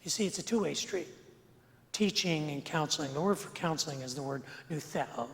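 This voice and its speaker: A male pastor preaching an earnest sermon, slowing and swelling on key phrases and repeating words for emphasis. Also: fairly high pitch, vocal fry, a bit bright. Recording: long church reverb.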